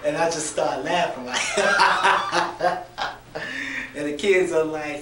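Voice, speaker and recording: A man's voice: a little high, measured pace, a bit bright, echoey room, distant mic, a little hiss or hum. A man doing a stand-up comedy routine, telling an exasperated story with acted-out quotes.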